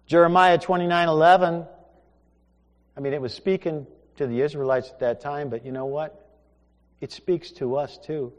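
A man's voice: fairly high pitch, steady tone, normal speed. Preaching man in an echoing hall. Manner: storytelling with rhetorical questions, swinging from hushed to emphatic. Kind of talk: sermon. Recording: echoey hall with long reverb.

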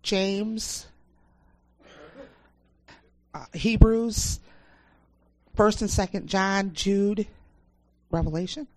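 Slow, hesitant woman reciting in class. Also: mid-range voice, darkish tone, no room sound. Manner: hesitant, reluctant. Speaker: class member. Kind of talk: reciting a memorized list.

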